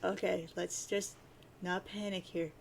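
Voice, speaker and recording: A woman voicing a sarcastic, cocky teenage boy who rambles in crude deadpan rants as she reads a webcomic aloud. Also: fairly low pitch, measured pace, gravelly, a little hiss or hum.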